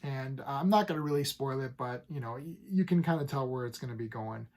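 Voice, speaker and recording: A man's voice: mid-range voice, fairly quick, darkish tone. Rambling, upbeat male comic book reviewer. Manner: rambling, lots of fillers and restarts; enthusiastic, paraphrases characters loosely. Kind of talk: casual comic review chat.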